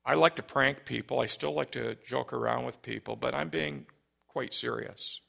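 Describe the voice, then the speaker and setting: A male pastor giving an Easter sermon, earnest and building to loud calls to the congregation. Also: medium pitch, normal speed, vocal fry.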